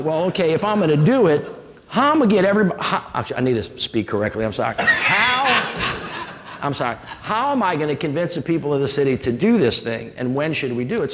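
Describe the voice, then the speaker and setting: Gravelly man telling stories in a hall. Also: medium pitch. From New Orleans. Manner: folksy, animated, acts out quoted people. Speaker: former mayor giving a public talk. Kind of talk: storytelling talk to a live audience.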